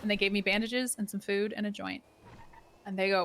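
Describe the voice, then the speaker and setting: A chatty woman talks in character in a role-play game, spinning animated stories. Her voice sits at an ordinary middle pitch, with faint noise underneath. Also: brisk.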